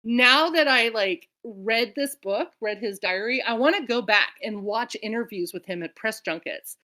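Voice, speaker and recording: American woman, book club cohost, kinda high voice, rambly chatty tangents. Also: animated, moderate pace, pushed and bright. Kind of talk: casual chat.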